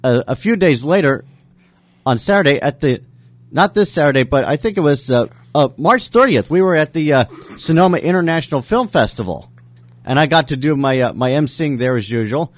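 Man, radio co-host, hesitant, lots of fillers, animated pitch, dry studio sound. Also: no echo. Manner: halting, hesitant, many fillers. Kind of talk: casual radio chat.

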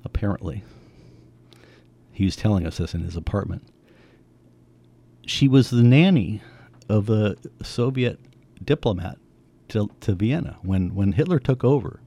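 A man in his seventies telling his family's story in a conversation, lively and acting out the voices of people he quotes. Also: fairly low pitch, unhurried, long pauses, slightly rough. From United States. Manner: animated, acts out quoted voices.

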